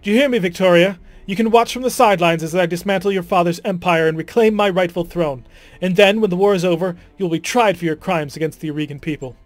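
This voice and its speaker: A man reading the lines of a stern, wronged young noblewoman, earnest and building to forceful declarations. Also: fairly high pitch, fairly quick, dry recording, soft background music, close to an everyday voice. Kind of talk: dramatic reading of game dialogue.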